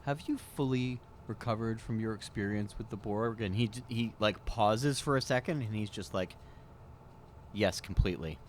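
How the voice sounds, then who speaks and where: A man's voice: on the low side, moderate pace, hardly any pauses, slight background noise. A man co-hosting a podcast, talking casually with hesitant "uh" fillers. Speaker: podcast co-host.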